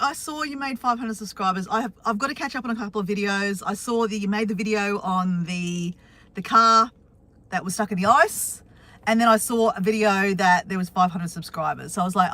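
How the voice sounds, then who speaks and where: A woman's voice: a little high, animated, normal speed, pushed and bright. A woman with an Australian accent chatting casually on a live stream from her car, greeting viewers by name.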